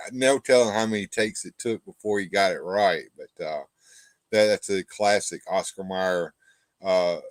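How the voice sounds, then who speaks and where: A man's voice: fairly low pitch, dry recording. A man hosting, chatting casually and rambling as he repeats his words. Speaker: host. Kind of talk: casual commentary chat.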